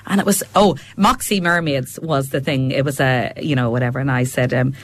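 A woman's voice: a bass voice, brisk. A Northern Irish woman from Fermanagh, a regular guest on a radio show, chatting and telling anecdotes with lots of laughter. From Fermanagh, Northern Ireland. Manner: chatty, animated, laughs often, tells anecdotes. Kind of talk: casual radio chat.

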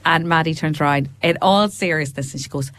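A woman's voice: low voice, a little fast. A woman, a candid and chatty guest on a radio talk show who tells stories. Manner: chatty, candid, lively storyteller. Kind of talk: casual chat.

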